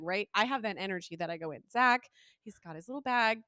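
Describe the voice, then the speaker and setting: A woman's voice: medium pitch, lively intonation, fast, pushed and bright, no echo, clean studio sound. A young woman co-hosting a podcast, chatting casually and animatedly, swearing freely and acting out the people in her stories. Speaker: podcast co-host. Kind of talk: casual chat.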